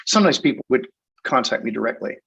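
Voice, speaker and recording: A man's voice: mid-range voice, lively intonation, fast talker, gravelly, a bit bright, slightly rough. An older man from England, a guest hypnotist, telling wry, funny stories in a casual interview and laughing often. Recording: dull lo-fi sound.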